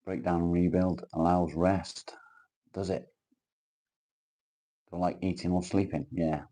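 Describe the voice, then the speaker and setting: A man speaks in a deep, husky, mellow voice as he hosts a casual live chat. He reads comments aloud and answers with crude, teasing banter. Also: little pitch movement, unhurried. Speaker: livestream host.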